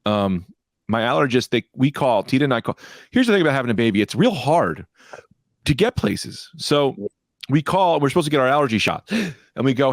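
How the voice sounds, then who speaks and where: A man's voice: medium pitch, fast talker, no room sound. A young man co-hosting a comedy podcast, telling stories with gusto and acting out the people in them. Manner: animated storyteller, acts out quoted people. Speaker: podcast co-host. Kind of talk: casual chat.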